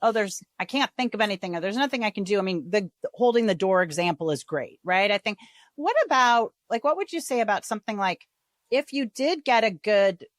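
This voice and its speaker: A woman hosting a podcast in casual, chatty conversation, animated and quick to act out quoted voices. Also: medium pitch, dry recording. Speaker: podcast host. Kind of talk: casual chat.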